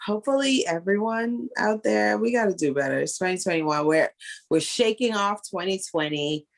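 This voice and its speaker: A Caribbean American woman co-hosts a loose podcast chat, a little drunk and wandering through her points. She laughs often, trails off and teases, in a voice of middle pitch. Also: moderate pace, gravelly. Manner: rambling, laughing, playful. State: tipsy. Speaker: podcast co-host; entertainment lawyer.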